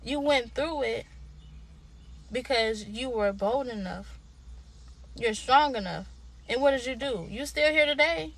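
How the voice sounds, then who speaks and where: Young woman, a bit high-pitched, with a colloquial, preacher-style motivational delivery and a lot of repetition. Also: measured pace, long pauses, a bit bright. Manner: emphatic, repetitive, preacher-like exhortation; informal, colloquial. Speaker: motivational speaker. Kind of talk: inspirational direct-to-camera talk.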